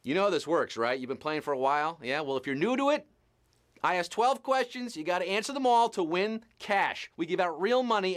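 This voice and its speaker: A man hosting a live quiz show, reading out questions and answers with a steady stream of puns and jokes. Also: high voice, fairly quick, slight background noise. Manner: punning, joking, playful.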